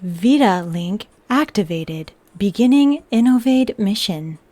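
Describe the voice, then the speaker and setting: A woman putting on a stiff robot voice, speaking commands slowly and flatly during a livestream voice game. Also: medium pitch, no echo. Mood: robotic.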